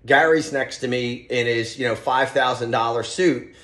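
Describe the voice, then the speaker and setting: A man talking as a podcast guest, telling stories in an animated, motivational way with loose restarts. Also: medium pitch, normal speed. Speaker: podcast guest, real estate team leader. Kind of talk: podcast conversation, storytelling. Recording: roomy echo.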